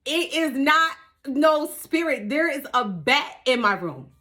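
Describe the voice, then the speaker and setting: A woman's voice: high-pitched, big pitch swings, slow pace, pushed and bright, exaggerated voice. A woman voicing her son, insisting again and again to his grandmother. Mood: insistent. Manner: insistent, repetitive pleading. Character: insistent grandson, young man.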